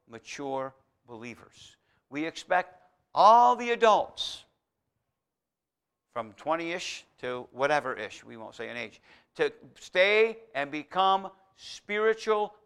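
A male preacher with a bright, forward tone gives a homey, conversational sermon. He breaks off into asides and restarts, then climbs into loud, emphatic exhortation. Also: mid-range voice, gravelly, clear, resonant tone.

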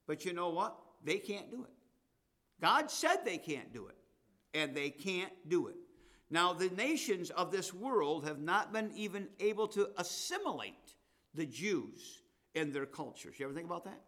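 A man preaches a sermon, reading scripture aloud. His voice sits a little high for a man. He hammers his main points and then slips into soft, offhand remarks. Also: lively intonation, normal speed. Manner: emphatic, rising to loud declarations and dropping to asides.

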